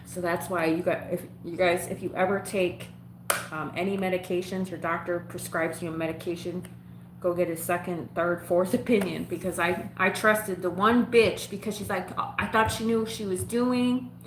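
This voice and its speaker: A woman's voice: on the low side, steady tone, normal speed, reverberant, background noise. A woman vlogger telling a personal story straight to her viewers, frank and profane, laughing often.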